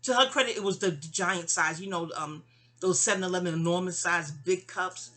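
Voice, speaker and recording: Bright-voiced woman telling a rambling story. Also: fairly low pitch, moderate pace. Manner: digressive, stammering restarts, asides to listeners. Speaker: memoir storyteller.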